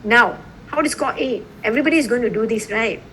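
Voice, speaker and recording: A woman's voice: fairly high pitch, quick pace, a little hiss or hum, poor audio. A woman law lecturer teaching a class, explaining an assignment and often checking in with her students. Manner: lively, repeatedly checking in with "okay?" and "right?".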